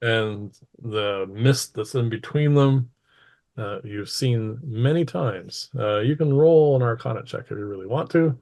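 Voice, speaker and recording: A man's voice: medium pitch, measured pace, darkish tone. A man narrating casually as game master of a tabletop game.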